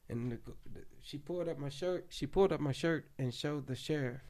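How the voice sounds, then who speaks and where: A man from Oklahoma City, a podcast guest, telling a story in casual, animated speech full of slang and profanity. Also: a little high, brisk, hardly any pauses.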